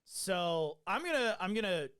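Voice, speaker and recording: A man's voice: sits high, very animated, measured pace, fairly bright tone, clean tone. A man telling a profane call story. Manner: loose, profane storytelling with many fillers. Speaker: podcast host. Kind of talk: casual chat, recounting a call.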